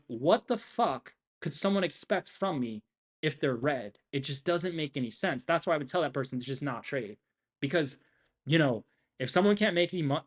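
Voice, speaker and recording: A man's voice: a little high, husky. A young man live-streaming his trades, talking in a brash, boastful rant full of swearing. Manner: brash, profane and boastful, ranting. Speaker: trading streamer. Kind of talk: live trading stream commentary.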